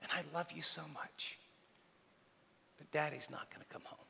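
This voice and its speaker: A man voicing a nervous father who quietly and tenderly tells his young daughter he is not coming home. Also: fairly high pitch, fairly even intonation, vocal fry, a little hiss or hum, exaggerated voice. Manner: hushed, tender, halting. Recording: reverberant hall.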